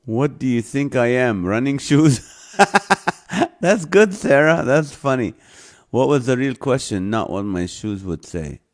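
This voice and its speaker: A man's voice: mid-range voice, animated, slow pace, pauses often. A man hosting a live online show, reading viewer comments aloud and chuckling often.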